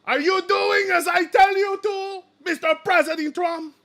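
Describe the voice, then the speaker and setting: A man's voice: very high voice, fairly even intonation, measured pace, fairly bright tone, voice pushed up, full character voice. Man putting on a gloating puppet-master villain. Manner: gloating, commanding, theatrical. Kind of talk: mock villain voice on a live stream.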